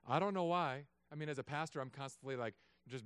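A man, a pastor, preaching a sermon in a casual joking way, moving between quiet asides and loud emphatic stretches. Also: mid-range voice, fast, clear, resonant tone, no room sound. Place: church.

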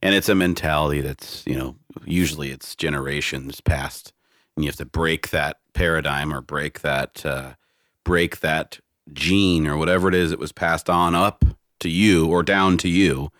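A man's voice: very deep voice, fairly even intonation, moderate pace, a bit bright, no room sound, clean studio sound. A man co-hosting a podcast in casual chat, often backing up his partner with short affirmations. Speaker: podcast co-host.

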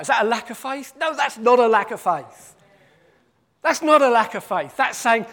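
A man's voice: extremely high pitch, animated, normal speed, gravelly, fairly bright tone. A man preaching a sermon. He repeats his points for emphasis and acts out the quoted voices.

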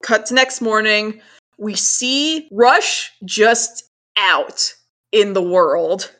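A woman co-hosting a casual chat, recapping a cartoon episode in an animated way, swearing and acting out characters' lines. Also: mid-range voice. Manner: animated, swears, acts out lines in quick voices. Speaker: podcast co-host.

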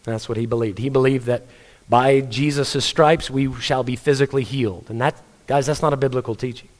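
Casting: male pastor, mid-pitched voice, earnest conversational sermon delivery, storytelling. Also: steady tone, a little fast.

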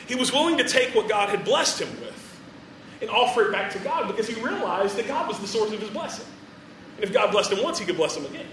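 A man's voice: high voice, fairly bright tone, echoey room, distant mic, a little hiss or hum, poor audio. A man preaching a sermon in a chatty, joking storytelling way, full of fillers.

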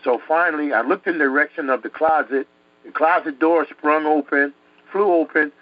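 Man from New York, dramatic storytelling, emphatic repetition, slightly high voice, dull dry recording. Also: no room sound. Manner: emphatic, repeats words for effect. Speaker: guest telling his testimony.

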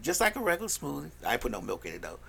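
A man co-hosting a casual podcast chat, blunt, loud and profane, laughing often. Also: mid-range voice, wildly swooping pitch, rapid-fire. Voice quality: gravelly. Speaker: podcast co-host.

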